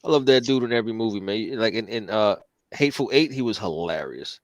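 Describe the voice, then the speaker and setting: A man in casual chat, profane and excitable, repeating himself, his voice jumping up when he gets worked up. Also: on the low side, fairly quick, no echo.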